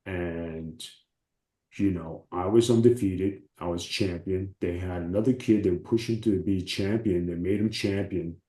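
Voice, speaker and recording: A man, a former wrestler, telling profane, animated stories as an interview guest. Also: deep voice, a little slow, reverberant. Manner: animated, profane storytelling with acted quotes. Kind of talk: casual storytelling.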